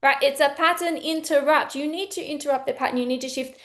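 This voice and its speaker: A woman's voice: high voice, fast. A woman sales coach teaching in a casual, blunt, playful way, acting out bits of sales calls. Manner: animated, blunt, playful, acts out sales dialogue.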